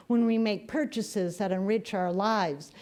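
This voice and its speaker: A woman's voice: mid-range voice, unhurried, a little mellow. A woman minister giving a sermon in a conversational, storytelling manner.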